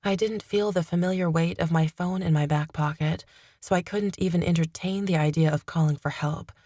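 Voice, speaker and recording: Low-voiced woman narrating an audiobook. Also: steady tone, normal speed, warm tone, no echo. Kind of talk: first-person audiobook narration.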